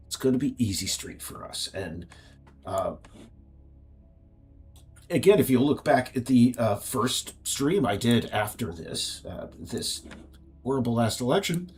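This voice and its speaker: American guy ranting on his gamedev stream, pitch jumping all over, keeps restarting. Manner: ranting, with frequent restarts and fillers. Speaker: game developer streamer. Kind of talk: casual rambling livestream.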